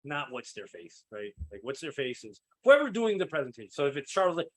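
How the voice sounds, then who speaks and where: A man leading a live sales coaching session, energetic and checking in with his listeners as he acts out sample calls. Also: mid-range voice, fairly quick, hardly any pauses. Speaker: sales team trainer.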